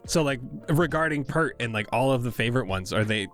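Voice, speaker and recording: A male podcast host with a mid-range voice, reading out listener questions and thanking the cast warmly. He talks casually and friendly, with soft music in the background. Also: mid-range voice, animated, a little fast.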